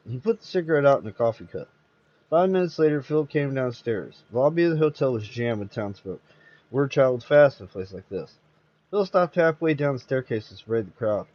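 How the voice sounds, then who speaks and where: A man hosting and reading a horror story aloud, steady with occasional slips and restarts. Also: mid-range voice, a little fast, dull audio. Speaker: host and storyteller.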